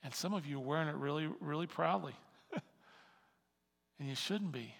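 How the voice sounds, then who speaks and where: A man preaching a sermon as pastor, with animated delivery that swings from quiet asides to shouted emphasis. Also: fairly high pitch, normal speed, vocal fry, in a large hall.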